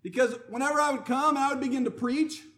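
A man preaching a sermon, emphatic and conversational, rising to loud declarations and dropping to quiet asides. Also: very high voice, fairly even intonation, quick pace. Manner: conversational, personal storytelling.

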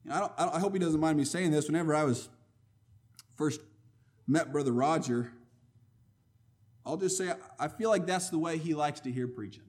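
A man preaching a sermon, emphatic and conversational, rising to loud declarations and dropping to quiet asides. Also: on the high side, brisk, long pauses. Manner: conversational, personal storytelling.

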